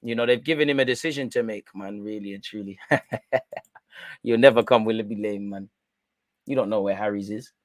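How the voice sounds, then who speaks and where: A man's voice: on the low side, moderate pace, long pauses, no room sound. A young man hosting a live football watch-along, chatting in slang straight to his viewers. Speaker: live stream host.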